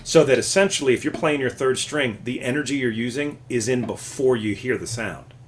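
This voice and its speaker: A man teaching a live classical guitar lesson, explaining patiently and warmly encouraging his student. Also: medium pitch, fairly quick.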